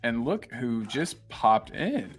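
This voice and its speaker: A man's voice: medium pitch, big pitch swings, takes it slowly, soft background music. A man co-hosting a casual live-stream podcast, easygoing with teasing banter. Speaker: podcast co-host.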